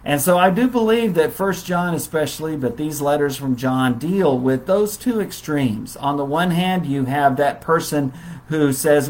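A man's voice: fairly high pitch, a little slow, poor audio. Guy preacher teaching bible study, easygoing and chatty, lots of ums and uhs. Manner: conversational, warm storytelling with fillers.

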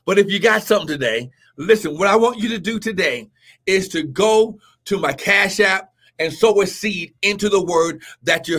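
High, bright-voiced man preaching fervently. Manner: rhythmic exhortation with repeated "glory" and "come on now"; breaks into shouting and tongues. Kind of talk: Pentecostal preaching. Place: live stream.

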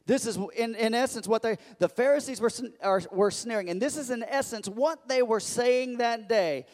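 Male pastor preaching a sermon, repeats himself for emphasis, gets loud, echoey church hall. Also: extremely high pitch, normal speed, few pauses.

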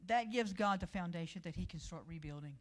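A woman's voice: lowish voice, fairly quick. A woman giving a midweek church devotional, earnest and conversational, telling personal stories and reading scripture aloud. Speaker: church speaker.

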